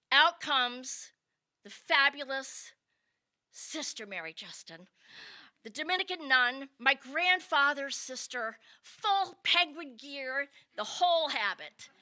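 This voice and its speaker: A woman's voice: sits high, sharp tone. A woman telling a comedic personal story with wry asides to her listeners.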